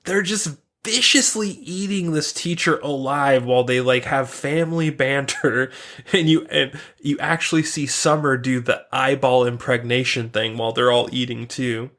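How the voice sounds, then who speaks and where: A man's voice: medium pitch, normal speed, a bit bright. A man co-hosting a podcast, retelling a cartoon episode in casual chat, rambling with many fillers and swearing freely. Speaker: podcast co-host.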